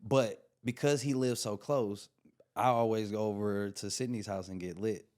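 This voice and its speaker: A man's voice: on the low side, normal speed. A man, a comedian and podcast guest, telling stories in a casual, slangy way and acting out the quotes. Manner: animated, slangy, acts out quotes. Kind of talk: casual storytelling chat.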